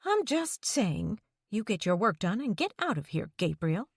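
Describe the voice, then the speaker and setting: A woman's voice: medium pitch, sing-song, moderate pace, slightly rough, dry recording, studio quality, voice pushed up. A woman voicing a stubborn, meddling older mother who scolds her grown son about the town's gossip. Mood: scolding. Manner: scolding, nosy, disapproving.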